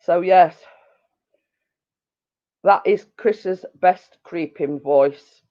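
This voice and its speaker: Live-streaming from her living room, this middle-aged channel host rambles through a casual chat, giggling and using plenty of fillers. She speaks extremely slowly at a fairly low pitch, and the home recording sounds dull and lo-fi.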